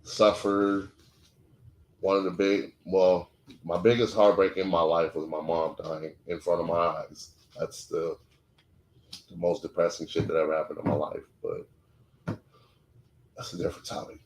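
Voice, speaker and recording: Male podcast co-host, low register, candid and profane, clipped emotional storytelling, roomy echo. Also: level tone, normal speed, pauses often. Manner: blunt, profane and emotional, short clipped sentences. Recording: echoey room.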